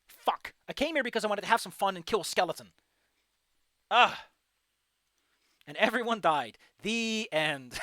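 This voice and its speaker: A man streaming a game, giving casual, animated commentary and ranting with frequent swearing. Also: high voice, measured pace, long pauses, no room sound, studio quality. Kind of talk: casual let's-play commentary.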